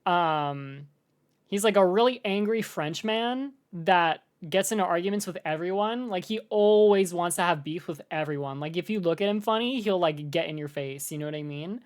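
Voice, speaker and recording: A young woman from the United States chats on a live stream while reacting to a video, her voice on the low side at a normal speed. She rambles casually, uses lots of fillers, and stays animated with laughter.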